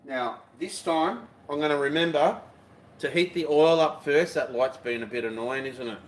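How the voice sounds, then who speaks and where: A man chats his way through cooking on a live stream, his voice sitting a little high for a man. He rambles, talks to himself and cracks cheeky jokes at his viewers. The sound bounces around an echoey room. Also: moderate pace. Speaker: fishing channel host.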